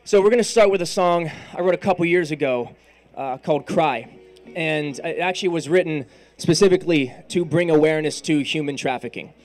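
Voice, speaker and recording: A man's voice: a little high, brisk, soft background music. A man from San Diego, a singer talking casually and earnestly to a live crowd from an awards stage into a handheld mic between songs. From San Diego, California.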